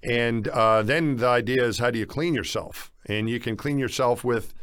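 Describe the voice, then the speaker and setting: A man's voice: medium pitch, normal speed, a bit bright, smooth, dry recording. A man from the United States chats casually as a podcast co-host. He rambles, restarting sentences and filling gaps with fillers. The recording is dry and close, with no room sound. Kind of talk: casual chat.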